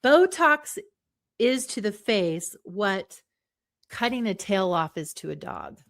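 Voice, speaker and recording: A middle-aged woman psychologist, a guest on an interview show, explaining ideas in a lively way and acting out small examples. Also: medium pitch, slow pace, gravelly. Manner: animated, acts out little voices and examples.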